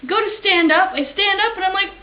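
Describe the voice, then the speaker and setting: A woman casually telling a funny story, giggly, with a drawn-out comic delivery. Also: extremely high pitch. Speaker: vlogger. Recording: echoey room, dull lo-fi sound, faint hiss.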